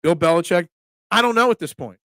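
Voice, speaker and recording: Animated, high-voiced sports talk host. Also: male voice, a little fast, no echo, clean studio sound. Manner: animated, emphatic, reads chat aloud. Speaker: sports talk host reading viewer comments. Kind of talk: casual live-stream chat.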